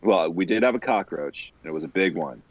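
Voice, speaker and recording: Man, low voice, casual profane storyteller, dull lo-fi dry audio. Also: a little fast, dry recording. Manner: profane storytelling, animated quoted asides. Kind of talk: casual chat.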